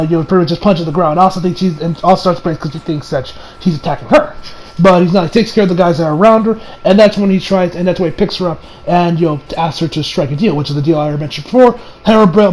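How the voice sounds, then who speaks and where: A man giving a casual, rambling anime episode review, slangy and excitable, often laughing at his own remarks. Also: sits high, quick pace, poor audio.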